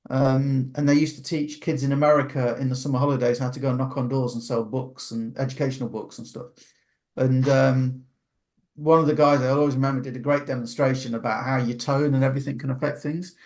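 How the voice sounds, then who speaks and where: A man's voice: mid-range voice, little pitch movement, brisk, a little mellow. A man hosting a video call, chatting casually and rambling with many restarts. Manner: rambling, restarts often, laughs easily. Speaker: meeting host.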